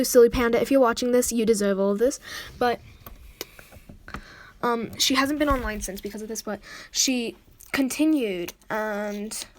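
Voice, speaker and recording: A woman with a fairly high voice tells a story casually to camera, rambling and excitable. She drifts between hushed asides and indignant bursts. The sound is close and dry, with no room around it. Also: no echo. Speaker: storyteller recounting an online game incident.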